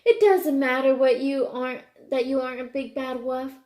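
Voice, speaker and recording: A woman voicing a loving mother wolf who speaks in a gentle, reassuring way. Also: high voice, little pitch movement, moderate pace, echoey room, lightly acted. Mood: tender.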